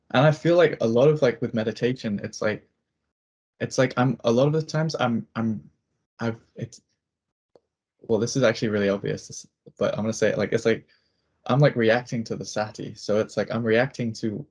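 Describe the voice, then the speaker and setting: Husky young man rambling with fillers. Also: mid-range voice, normal speed, a little mellow. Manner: rambling, many "like" fillers and restarts. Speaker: student. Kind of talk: casual chat. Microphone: video call.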